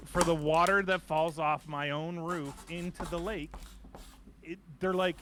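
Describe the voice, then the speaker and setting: A man's voice: on the high side, fairly even intonation, unhurried, fairly bright tone, slight background noise. A man hosting a casual art podcast, telling rambling stories with many restarts. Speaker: host.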